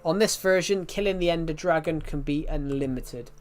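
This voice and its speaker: A man's voice: fairly high pitch, moderate pace. Rambling man streaming a game. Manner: rambling, restarts sentences, answers chat questions. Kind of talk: casual live-stream chat while playing.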